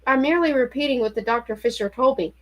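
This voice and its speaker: Fussy, nervous male professor from an audiobook, defensive and apologetic, read by a woman in a light, fairly high voice. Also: fast, muffled recording.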